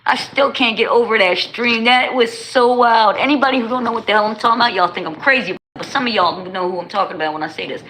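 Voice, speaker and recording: Bright-voiced woman streamer. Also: on the high side, fast, few pauses, slight background noise, rough recording. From New Jersey. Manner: animated, slangy, talks straight to chat. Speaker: livestreamer. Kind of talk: casual livestream chat with viewers.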